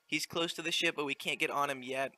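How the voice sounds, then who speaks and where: A man giving relaxed, chatty commentary while playing through a video game. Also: fairly high pitch, fast talker. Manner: relaxed, chatty, explaining as he plays. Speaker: let's play gamer. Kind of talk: casual gameplay commentary.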